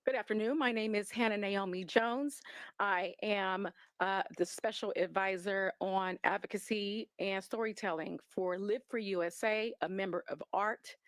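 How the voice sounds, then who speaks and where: A woman's voice: mid-range voice, fairly even intonation, moderate pace, no room sound. A woman from Los Angeles, an advocacy advisor, giving brief public testimony and listing her credentials in a composed way.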